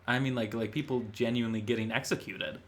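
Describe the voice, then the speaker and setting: A man's voice: mid-range voice, steady tone, fast talker. A man co-hosting a podcast in casual chat, easygoing and dropping dry wisecracks. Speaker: podcast co-host.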